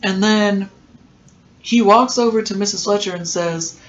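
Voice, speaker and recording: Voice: medium pitch, fairly even intonation, moderate pace, long pauses. Chatty podcaster with a dull lo-fi sound. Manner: chatty, digressive, with frequent ums and asides. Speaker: podcast host. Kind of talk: casual episode recap.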